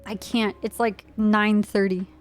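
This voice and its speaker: A woman's voice: medium pitch, little pitch movement, unhurried, soft background music. A woman streamer playing a state trooper in online role-play, talking casually and rambling with lots of fillers. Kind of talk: in-character game role-play chat.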